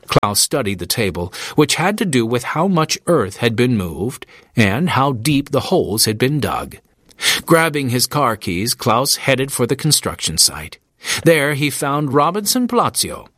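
A man narrating an audiobook in a steady, measured storytelling manner, recorded close in a studio. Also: medium pitch, dry recording. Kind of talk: scripted narration.

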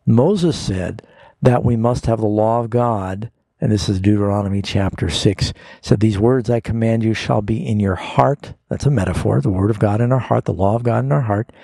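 A middle-aged man, a pastor hosting a radio Bible call-in show, earnestly explaining scripture and slowing down to read verses aloud. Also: lowish voice, gravelly, mellow, no echo.

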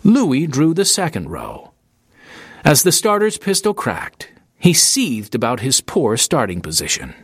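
A man reading an audiobook in steady, scripted narration into a close studio mic. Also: medium pitch, unhurried, slightly rough, no echo. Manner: steady storytelling, lively intonation.

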